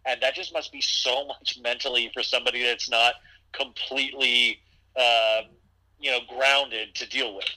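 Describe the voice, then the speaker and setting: Bright-voiced man, rambling casual chat. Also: medium pitch, fairly even intonation, normal speed, rough recording. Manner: rambling, many fillers and restarts. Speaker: podcast host.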